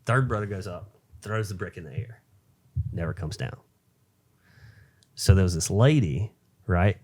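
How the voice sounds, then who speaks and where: A man's voice: low-pitched, expressive, measured pace, darkish tone. A young adult man co-hosting a podcast, telling a long shaggy-dog joke in a rambling, filler-heavy way. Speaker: podcast co-host.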